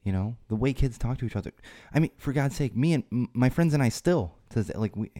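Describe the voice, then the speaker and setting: A man hosts a solo podcast in a medium-pitched, mellow voice, speaking animatedly and a little fast. He rambles with restarts and fillers, growing more emphatic when he drives a point home. The recording is dry and clean, with studio sound.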